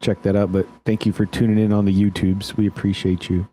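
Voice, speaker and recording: Quick-talking male co-host, crowd noise behind. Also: fairly low pitch, flat delivery. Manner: quick, friendly asides to viewers. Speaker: show co-host. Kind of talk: casual chat.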